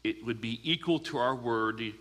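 Man, pastor, sermon, earnest, rhetorical questions, bright voice, reverberant hall. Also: mid-range voice. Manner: earnest preaching with rhetorical questions and slow emphatic pauses.

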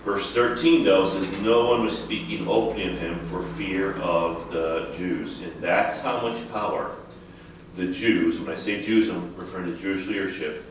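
A man's voice: sits low, a little hiss or hum. A man leading an informal Bible study, asking his group questions in a conversational way. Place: church room. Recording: echoey room, from far off.

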